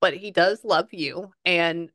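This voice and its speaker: A woman's voice: lowish voice, fairly bright tone, no room sound. A woman working as a psychic medium in a casual session, chatting and passing on quotes in a conversational way.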